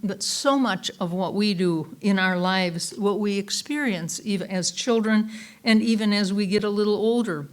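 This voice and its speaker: A woman's voice: mid-range voice, normal speed. A woman reverend giving a Sunday talk sermon, telling folksy personal anecdotes in a chatty way with frequent fillers and restarts.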